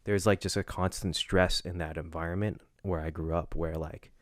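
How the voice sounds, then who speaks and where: A young man with a very low voice talks in a casual podcast chat. He tells his story earnestly, stopping and restarting often, and the mic is close and dry. There is no room sound around him. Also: steady tone, no echo. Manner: halting, emotional storytelling with many restarts. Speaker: podcast co-host.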